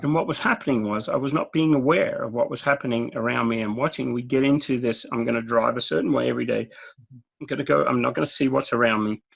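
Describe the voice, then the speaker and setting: A man's voice: mid-range voice, quick pace, creaky, slightly rough, rough recording. A man with an Australian accent, a guest in a casual interview, talking directly and telling stories with frequent chuckles. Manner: direct, storytelling, chuckles often. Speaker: guest speaker.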